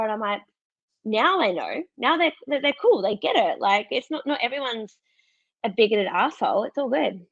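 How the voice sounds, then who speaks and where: A woman's voice: on the high side, big pitch swings, normal speed, fairly bright tone, no echo. An Australian woman in her thirties tells a personal story in candid, casual chat, laughing often and acting out what others said. Her voice sits close and dry, with a slightly dull, muffled sound. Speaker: podcast guest.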